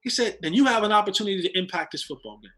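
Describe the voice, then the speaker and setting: A man's voice: high voice, lively intonation, rapid-fire, a bit bright. A man, a former football player, telling a long story as a guest in casual chat, restarting and repeating words as he goes.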